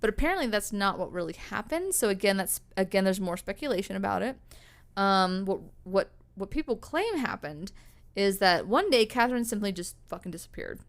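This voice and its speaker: Young woman, podcast co-host, rambling casual storytelling, middle pitch, filler words. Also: lively intonation, brisk.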